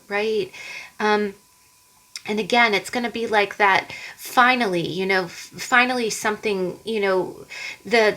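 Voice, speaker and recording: A woman's voice: mid-range voice, fairly bright tone, low-quality recording. A woman giving a casual tarot card reading to viewers, chatty and encouraging, often repeating herself.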